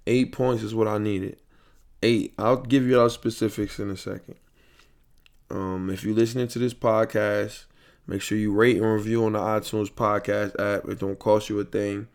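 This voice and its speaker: A man's voice: on the low side, creaky. A young man hosting a solo podcast, ranting angrily with profanity and repetition, recorded late at night into a mic. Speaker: podcast host. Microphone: headphones and studio mic.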